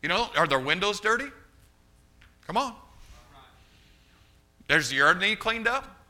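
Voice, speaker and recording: A middle-aged male preacher with a sharp, forceful, ringing voice that sits a little high for a man. He tells a story from the pulpit, stumbling and restarting now and then and turning to address the congregation directly. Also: a little slow. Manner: animated anecdotes with frequent restarts and asides to the congregation. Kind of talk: storytelling sermon.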